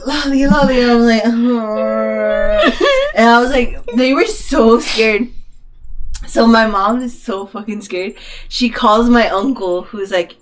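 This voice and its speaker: A woman's voice: fairly high pitch, a little slow, background noise. A young woman co-hosting a podcast, telling a story in casual chat, often laughing and acting out the people she quotes. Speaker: podcast co-host.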